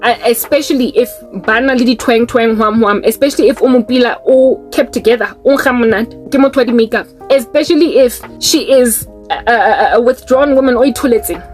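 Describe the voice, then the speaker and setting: A woman's voice: a little high, a little fast, darkish tone, faint music behind. A South African woman giving emphatic, outspoken personal commentary in a vlog, repeating her points for weight. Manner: emphatic and outspoken, with heavy repetition. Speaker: vlogger.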